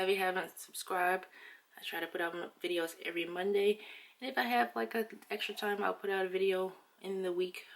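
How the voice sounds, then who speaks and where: Young woman vlogger, low and gravelly, casual and chatty, a bit breathless. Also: a bit bright. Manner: chatty, fillers, lots of "like". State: slightly out of breath. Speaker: beauty vlogger. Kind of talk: casual haul chat.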